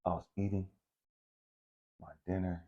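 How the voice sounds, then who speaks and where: A man's voice: deep voice, little pitch movement, measured pace, mellow, muffled recording. A man talking candidly and confessionally to viewers, swearing freely as he works through forgiveness. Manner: candid, profane and confessional, addresses viewers directly. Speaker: spiritual vlogger. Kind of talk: casual spiritual monologue.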